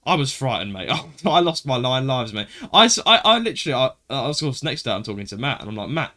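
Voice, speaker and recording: A man co-hosting a casual podcast, telling a story in an animated way and calling his friend "mate.". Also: mid-range voice, fast talker. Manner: animated storytelling, swearing, says "mate" a lot. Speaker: podcast co-host. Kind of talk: casual chat.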